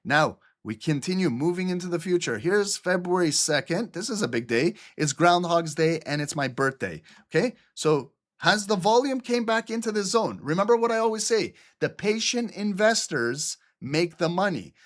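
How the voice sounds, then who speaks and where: Man from Albania, lively live-stream trading instructor, slightly higher voice, casual and repetitive. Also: moderate pace, few pauses. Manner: animated, repeats "okay?" and "look", casual swearing. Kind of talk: live screen-share trading lesson.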